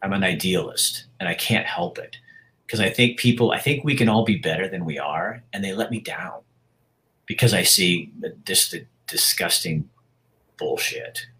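Deep-voiced man in his sixties, reflective. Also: bright, forceful tone, low-quality recording. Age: 60s. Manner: reflective and frank, halting restarts. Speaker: interviewee. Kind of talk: candid personal interview.

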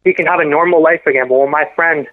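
A man guest on a podcast telling a painful personal story in a halting, earnest way, often correcting himself. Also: on the high side. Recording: phone-line audio.

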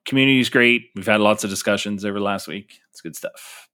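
A man's voice: lowish voice, brisk, pushed and bright, clear, resonant tone, no echo, clean studio sound. A man co-hosting a podcast, talking casually and loosely with lots of fillers. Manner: loose and chatty, many fillers. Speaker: podcast co-host.

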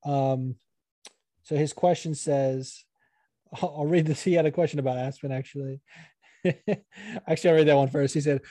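A man's voice: fairly high pitch, fairly even intonation, moderate pace, long pauses, warm tone, no echo, clean studio sound. A young man co-hosting a podcast, chatting casually with lots of swearing, jokes and laughter. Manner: swearing, laughing, joking banter. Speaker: podcast co-host.

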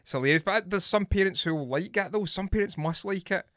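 A man's voice: high-pitched, fast talker, a bit bright, dry recording, clean studio sound. A Scottish man co-hosting a podcast, chatting bluntly and swearing freely. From Scotland. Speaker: podcast co-host. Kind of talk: casual chat.

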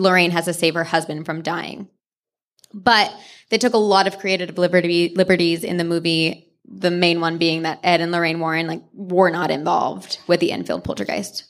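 Animated woman telling a story on stage. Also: on the low side. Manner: animated retelling, slips into character voices. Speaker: podcast co-host. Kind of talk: live comedic true-crime storytelling. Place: on stage before a live audience.

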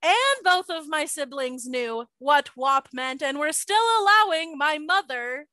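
Bright, dry-voiced young woman podcaster. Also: high-pitched, lively intonation, unhurried, no echo. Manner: gossipy, exasperated storytelling. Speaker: podcast co-host. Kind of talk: casual chat.

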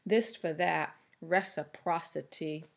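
A woman's voice: low voice, takes it slowly, vocal fry, full character voice. A woman voicing a sinister, contemptuous male trader who hisses and oozes his words in a storybook reading. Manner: oozing, hissing, contemptuous.

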